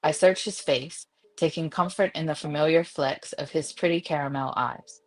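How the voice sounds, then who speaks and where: A woman's voice: low-pitched, normal speed, hardly any pauses. A woman reading a romance novel aloud, giggling now and then between passages. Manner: giggly, breaks into laughter. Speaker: reader.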